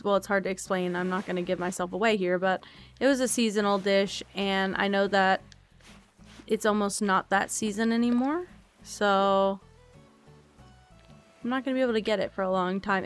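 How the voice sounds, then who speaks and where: A tired woman streams in a relaxed, soft-spoken way, rambling and thinking aloud as she plays. Her voice sits in a middle pitch, and faint music plays quietly underneath her talk. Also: moderate pace, pauses often. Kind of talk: relaxed casual chat while playing a game.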